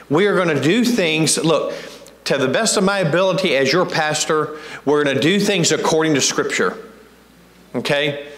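Halting pastor man in an echoey church. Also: on the high side, fairly bright tone. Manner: conversational, halting, with many restarts; asks the congregation questions. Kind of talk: teaching sermon. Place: church sanctuary.

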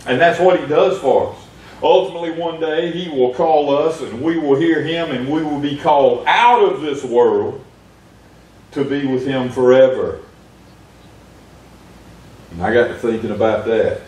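A man's voice: mid-range voice, unhurried, long pauses, a little mellow. A man preaching an earnest sermon in a small church, retelling Bible stories with rising emphasis. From United States. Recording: echoey church room from far off.

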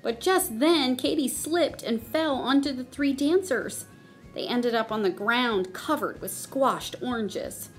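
A woman reading a children's story aloud in a slow, expressive way. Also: fairly high pitch, faint music behind. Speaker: storybook reader.

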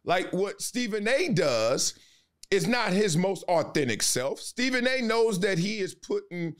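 A man talks as a podcast guest in a relaxed, slangy way, leaning hard on his points. His voice sits fairly high for a man and swings widely in pitch. He keeps the emphasis coming in a loose, animated delivery. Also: measured pace. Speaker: podcast guest, sports commentator. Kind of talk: casual interview talk.

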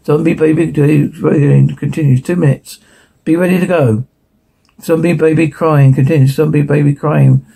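Man reading a script, gravelly, husky, dark voice, flat delivery. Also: fairly high pitch, normal speed. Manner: flat listing of sound effects and lines. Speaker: reader of a screenplay transcript. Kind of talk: reading a script aloud, sound cues included.

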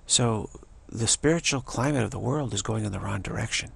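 Very gravelly, husky-voiced male teacher. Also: lowish voice, brisk, no room sound. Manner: loose, rambling, repeats phrases for emphasis. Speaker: spiritual teacher. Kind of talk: informal spiritual teaching talk.

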